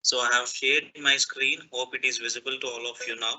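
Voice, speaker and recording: A man's voice: mid-range voice, flat delivery, a little fast, sharp tone, rough recording. A man teaching an online class through his laptop microphone, politely checking that students can hear him. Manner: polite, checks often whether he is heard. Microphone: laptop microphone on a video call.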